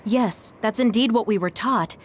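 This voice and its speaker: A woman's voice: on the high side, moderate pace, slight background noise, close to an everyday voice. A woman voicing a composed, formal young female clone in a video game. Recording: game audio with music behind.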